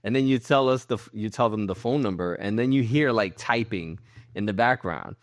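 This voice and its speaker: Low-voiced man in casual podcast chat. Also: fairly quick, no room sound, clean studio sound. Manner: rambling, repeats words, acts out phone calls. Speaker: podcast co-host.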